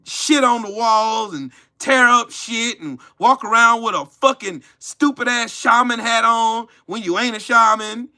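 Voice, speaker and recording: A man's voice: very high-pitched, pushed and bright. A man hosting a live stream, delivering a fiery, profane and mocking commentary rant.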